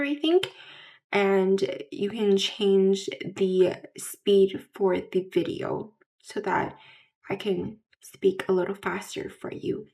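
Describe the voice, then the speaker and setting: A woman talking candidly to camera in a casual vlog. She pauses to search for words, repeats herself and restarts often, and fills the gaps with "like". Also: mid-range voice, darkish tone. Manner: searches for words mid-sentence. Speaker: vlogger.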